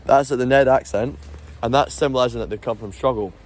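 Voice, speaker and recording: A man's voice: mid-range voice, fast. A man talking casually to camera as a travel vlogger on a city street at night, rambling and explaining with lots of restarts.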